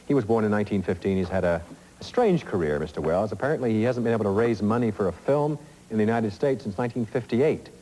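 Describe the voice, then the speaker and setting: A man's voice: lowish voice, dark tone, in a large hall, rough recording. A middle-aged man hosting a TV quiz show, reading questions and chatting in asides full of fillers, in a studio. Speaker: game show host.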